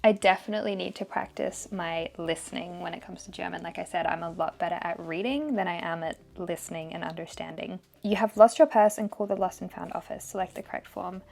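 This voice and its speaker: A young woman vlogging as she takes a language test, thinking aloud and sounding out foreign words slowly. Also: on the low side, gravelly, darkish tone. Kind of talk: casual vlog commentary.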